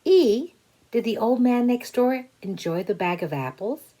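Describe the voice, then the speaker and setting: A woman voicing a kindly, patient mother of five in a children's story, speaking gently and playfully and stretching out sounds. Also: fairly high pitch, animated, unhurried. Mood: fond, amused.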